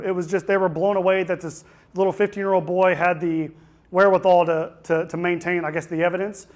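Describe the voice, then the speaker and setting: A young man giving a keynote speech, telling a personal story in a raw, emotional way with frequent restarts. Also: high voice. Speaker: keynote speaker. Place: conference hall.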